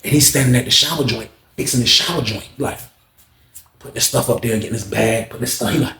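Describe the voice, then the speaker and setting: Gravelly man telling a slangy story. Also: medium pitch, fast talker, slight background noise. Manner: slangy, repetitive, animated retelling. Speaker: storyteller recounting prison life. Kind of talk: casual storytelling. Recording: roomy echo.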